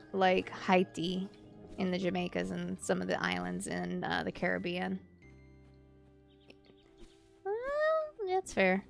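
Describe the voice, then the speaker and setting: A woman's voice: fairly low pitch, creaky. A woman from Louisiana chatting with her stream chat while she plays a game, musing and reading comments aloud.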